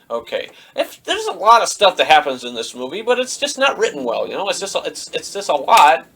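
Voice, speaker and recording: A young man casually reviewing a movie, retelling scenes in a rambling, animated way with lots of fillers. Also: on the high side, rough recording.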